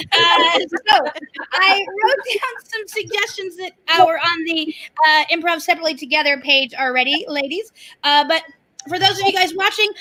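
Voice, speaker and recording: A woman's voice: very high voice, bright, forceful tone, rough recording. A woman hosting an online improv game over a video call, chatty and self-deprecating.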